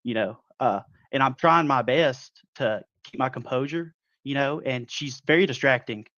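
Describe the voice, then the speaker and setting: A man's voice: medium pitch, normal speed, bright, forceful tone, no room sound, lo-fi sound. A man who is a guest wrestler giving an in-character interview, defensive, aggrieved and boastful.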